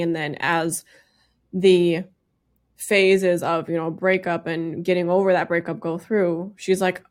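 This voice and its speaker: A woman's voice: lowish voice, unhurried. A woman co-hosting a casual podcast chat, recapping a show and acting out what people said. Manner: animated, acts out people's lines. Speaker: podcast co-host.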